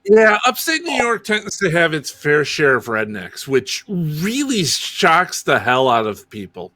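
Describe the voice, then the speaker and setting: A man's voice: a little high, wildly swooping pitch, measured pace, pushed and bright, no room sound, studio quality. An American man co-hosting a casual live stream, teasing and jokey. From United States.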